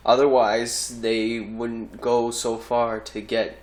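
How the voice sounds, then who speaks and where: A man's voice: mid-range voice, flat delivery, slow pace. A man from the United States in a casual podcast chat, chiming in to agree and back the others up. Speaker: podcast co-host. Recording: echoey room.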